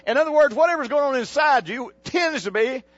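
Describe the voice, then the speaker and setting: A man's voice: fairly quick, dry recording, muffled recording. A male pastor delivering a folksy sermon, calling on the congregation to repeat his words and jumping up into sudden exclamations. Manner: preaching with call-and-response to the congregation; folksy, animated, with sudden pitch jumps.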